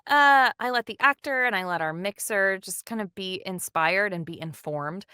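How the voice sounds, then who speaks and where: A woman who works as a dub director, chatting animatedly and enthusiastically in an interview, with quick asides. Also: mid-range voice, sharp tone, clear, resonant tone, no room sound, studio quality. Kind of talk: casual interview chat.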